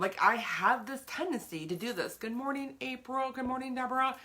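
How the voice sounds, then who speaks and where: A woman's voice: on the high side, expressive, normal speed, few pauses, pushed and bright. A woman giving an earnest, chatty talk on faith to her viewers, often repeating herself for emphasis. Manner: greets live viewers by name. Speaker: faith vlogger.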